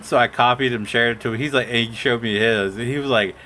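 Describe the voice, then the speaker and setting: A man's voice: medium pitch, steady tone, quick pace, few pauses, bright, forceful tone, slight background noise. A man hosting a casual gaming stream, telling a rambling story and quoting family members. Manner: rambling storyteller, quotes others. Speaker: streamer host.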